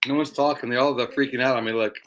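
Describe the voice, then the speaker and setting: A man's voice: medium pitch, steady tone, quick pace, heavy background noise. A man hosting a casual livestream, rambling and repeating words as he talks. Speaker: livestream host.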